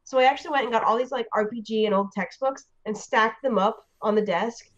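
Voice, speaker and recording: A woman from the United States tells a story in an animated, chatty manner, her voice sitting a little high. She stumbles through restarts and fillers. The audio sounds dull and lo-fi. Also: brisk. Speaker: interview guest. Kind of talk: casual storytelling.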